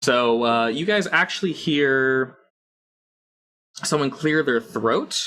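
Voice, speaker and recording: A man narrating as game master of a tabletop game, describing scenes haltingly with many pauses and restarts. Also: mid-range voice, expressive, noisy background.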